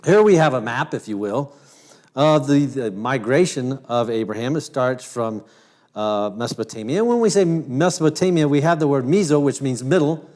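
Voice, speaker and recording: A man's voice: mid-range voice, expressive, normal speed, a little mellow. A man from Ohio giving a lecture to camera as host, talking in a conversational way with frequent restarts. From Ohio, United States.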